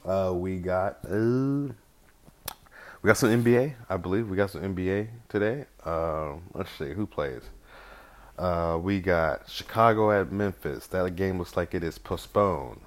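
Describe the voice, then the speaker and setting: A low-pitched man from California speaks at a measured pace as he hosts a podcast on his own. His manner is casual and rambling, with loose slang and a lot of swearing.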